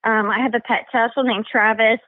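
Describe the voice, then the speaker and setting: A woman's voice: a little high, steady tone, brisk, no echo, lightly acted. A woman putting on a fake British accent, over the phone. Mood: breezy. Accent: put-on British. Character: young woman faking a British persona. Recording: tinny phone line.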